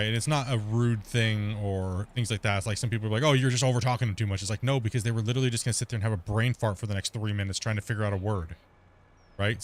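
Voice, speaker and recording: Rambling low-voiced young man gamer. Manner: rambling, filler-heavy, self-deprecating. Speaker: gaming channel host. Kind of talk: casual gaming chat.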